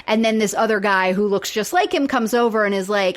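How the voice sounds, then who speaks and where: A woman's voice: mid-range voice, quick pace, hardly any pauses. Chatty woman podcaster acting out scenes. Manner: animated retelling, acting out characters' lines. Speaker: podcast co-host. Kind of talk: casual chat recapping a sitcom episode.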